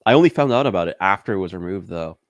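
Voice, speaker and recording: A man's voice: low voice, animated, rapid-fire, no echo. A man in casual conversation, talking loosely with lots of fillers and frequent laughs. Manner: loose and rambling, heavy on fillers, laughs often. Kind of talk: casual chat.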